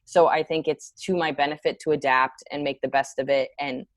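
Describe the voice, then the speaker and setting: A woman with a low voice talks in a loose, rambling way, often correcting herself mid-sentence. She sounds animated as she tells stories on a video call. The sound is dry and close, with no room echo. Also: fairly quick. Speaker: stand-up comedian guest. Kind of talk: casual interview chat.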